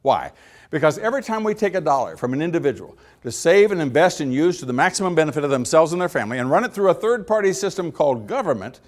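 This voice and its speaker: This middle-aged man's voice is fairly high and his pace quick. Giving a folksy speech, he tells lively stories, voices the characters' exchanges, and laughs at his own jokes.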